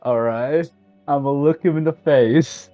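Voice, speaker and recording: A young man playing a tabletop game, hesitant and halting in his casual slangy talk. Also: a little high, mellow, lo-fi sound, soft background music. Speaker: player. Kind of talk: casual role-play.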